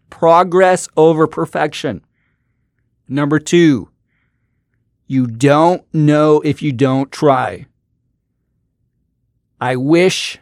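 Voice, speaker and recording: A man hosts his podcast with a motivational, exhorting monologue, hammering points home through repetition. His voice sits a little high for a man and moves at an unhurried pace. The sound is dry and close, with no room around it. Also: expressive, dry recording. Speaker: podcast host and coach.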